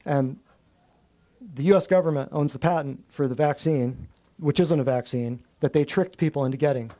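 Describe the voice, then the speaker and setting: A man with a somewhat high, dark-toned voice hosts a natural health clinic talk. He preaches bluntly to a live audience in a folksy, slangy style, stacking up long, emphatic lists.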